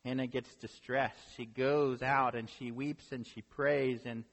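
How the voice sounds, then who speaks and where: A man's voice: mid-range voice, steady tone, measured pace. A man preaching a sermon as a pastor, retelling a story conversationally and often checking in with the listeners. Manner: conversational storytelling, often asks "right?" to the audience. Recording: long reverb of a hall.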